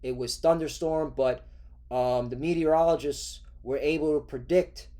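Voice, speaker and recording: A man's voice: a little high, steady tone, moderate pace, mellow. A man hosting a religious news commentary, ranting and swearing, constantly checking in with "all right?". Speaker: host.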